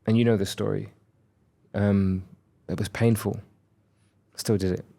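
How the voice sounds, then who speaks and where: Low-voiced man telling a personal story. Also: flat delivery, a little slow, gravelly, warm tone. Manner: candid, reflective, acts out quoted dialogue. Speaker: podcast guest.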